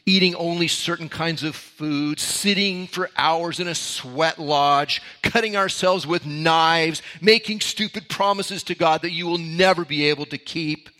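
A man's voice: fairly high pitch, unhurried, hardly any pauses, pushed and bright. A man preaching a sermon, reading verses aloud and explaining them with casual asides. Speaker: pastor.

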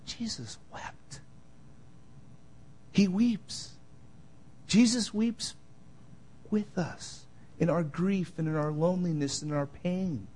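A man preaching a sermon, moving between loud emphatic lines and quiet, tender asides. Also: medium pitch, a little hiss or hum. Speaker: pastor.

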